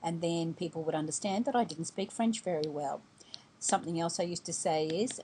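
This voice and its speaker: A woman's voice: on the low side, brisk, warm tone, slight background noise. A woman hosting a travel website, explaining travel tips patiently and step by step in an instructional voice-over. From Australia.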